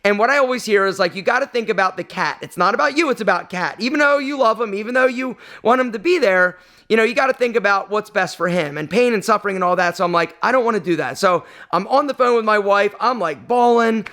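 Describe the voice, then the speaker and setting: A man's voice: high-pitched, lively intonation, quick pace, sharp tone. A man telling a personal story on his vlog, emotional and rambling, with lots of fillers. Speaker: vlog host.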